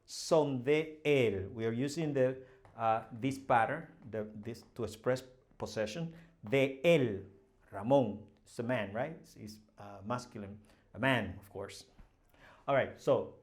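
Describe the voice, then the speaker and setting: A man's voice: mid-range voice, expressive, slow. A man teaching a Spanish lesson, explaining each phrase patiently and repeating the examples with rising emphasis. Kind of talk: slow language lesson.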